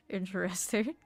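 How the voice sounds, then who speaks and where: A woman from Florida streaming a game, chatting casually and rambling through side stories while she plays. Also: mid-range voice. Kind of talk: casual gameplay commentary.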